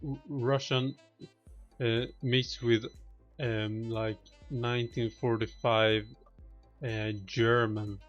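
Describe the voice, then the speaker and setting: A laid-back man co-hosts a casual podcast, speaking slowly and mostly chiming in with short agreements. His mic sounds dull and lo-fi. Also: medium pitch, level tone, faint music behind. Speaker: podcast co-host. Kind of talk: casual chat.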